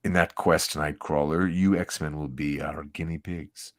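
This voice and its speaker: A man's voice: extremely low pitch, steady tone, unhurried, no room sound, studio quality. A man doing a cold aristocratic villain. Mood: menacing. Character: sinister aristocratic male villain, cold and gloating.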